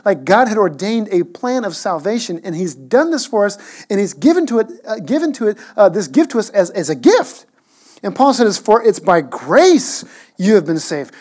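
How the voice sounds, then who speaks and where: Animated conversational male pastor. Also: high voice. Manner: animated, conversational preaching with playful asides. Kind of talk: sermon.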